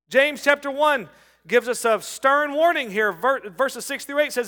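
A middle-aged man preaching a sermon, calling on the congregation and rising from soft talk to loud shouts. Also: very high voice, expressive, brisk. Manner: calls on the congregation to respond. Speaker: pastor.

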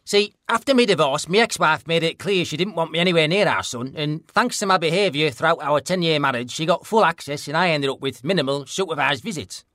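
Man doing a bright-voiced deadpan northern bloke, blunt, middle-aged, high-ish. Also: fairly quick, few pauses, no room sound, clean studio sound. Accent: Northern English. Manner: deadpan, blunt, plain-spoken. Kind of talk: mock documentary interview.

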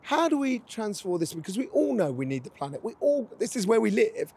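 A man's voice: sits high, big pitch swings, a little fast, a little mellow, slightly rough. A man hosting a conversational interview, asking long, winding questions in a chatty manner.

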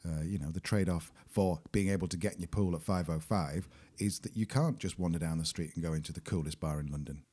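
Deep-voiced chatty man in his forties. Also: fast, few pauses, warm tone. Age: 40s. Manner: chatty, jokey and self-mocking. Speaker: podcast co-host. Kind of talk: casual chat.

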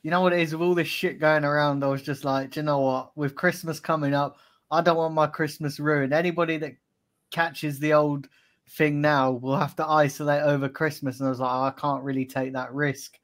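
A man with a slightly high voice chats as a podcast guest. He sounds laid-back and candid and swears casually. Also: level tone, brisk, a bit bright.

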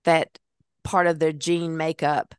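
A woman hosting an interview who listens closely and offers warm, encouraging responses. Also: low voice, little pitch movement, slow, clean tone, dry recording, clean studio sound. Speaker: interview host.

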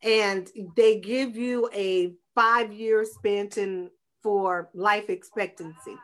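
A woman guest on a talk show, telling her cancer story in an animated, faith-filled way. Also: mid-range voice, takes it slowly, hardly any pauses. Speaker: guest, breast cancer advocate. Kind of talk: personal testimony in a talk show.

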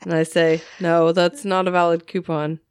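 Mid-pitched woman reading a story, laughing. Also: level tone, moderate pace, darkish tone, clear, resonant tone, no room sound, studio quality. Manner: chatty, laughs at her own reading. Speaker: podcast co-host reading listener stories. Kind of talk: casual storytelling read-aloud.

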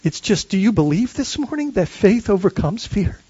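Man, pastor preaching, high-pitched voice, earnest, repeats and restarts, dull dry recording. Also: big pitch swings, moderate pace, dark tone, husky, no echo. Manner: earnest preaching with frequent restarts and call-and-response questions. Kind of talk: sermon.

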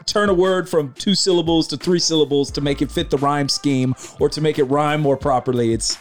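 A man hosting a podcast, chatting casually and excitedly, rambling and swearing freely. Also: on the high side, brisk, faint music behind. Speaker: podcast host. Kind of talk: casual chat about hip hop.

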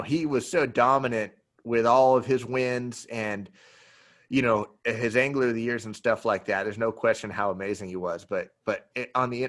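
A man on a podcast telling a fishing story in a casual, animated way, now and then acting out quotes. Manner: animated storyteller, acts out quotes in a high yelling voice. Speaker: podcast host and pro angler.

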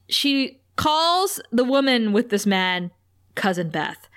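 A woman's voice: medium pitch, lively intonation, normal speed, a bit bright. A woman co-hosting a casual podcast, recapping an episode and laughing often as she retells the scenes. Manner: laughs often, acts out quotes loosely. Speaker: podcast co-host.

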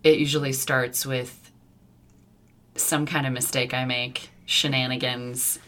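A woman co-hosting a podcast in casual chat, with a slight lisp, who rushes and trips over her words. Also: rumbling low, little pitch movement, a bit bright. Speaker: podcast co-host.

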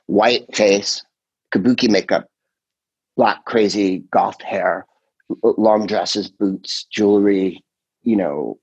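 A middle-aged man, a comedian and podcast host, chatting casually in a rambling, animated way, full of quoted voices and swearing. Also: on the low side, slow pace, long pauses, breathy edge, no room sound, highs cut off. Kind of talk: casual chat.

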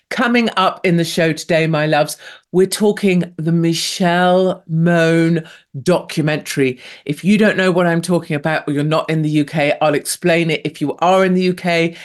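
A middle-aged woman hosting a live radio talk show in a breezy, gushing manner, reading out listener chat messages with playful asides. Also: low-pitched. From England.

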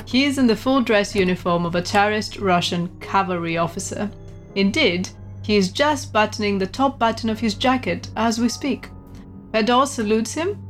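Woman game master, descriptive narrator, mid-range voice. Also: medium pitch. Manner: descriptive, unhurried, laughs between lines. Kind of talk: narrating a tabletop horror game.

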